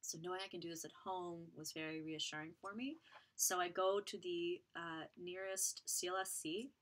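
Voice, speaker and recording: A young woman from Quebec telling her own health story candidly on a live stream, with fillers and halting restarts. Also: lowish voice, steady tone, a bit bright. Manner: candid, halting, many fillers, reads viewer comments aloud. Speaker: beauty vlogger and live streamer.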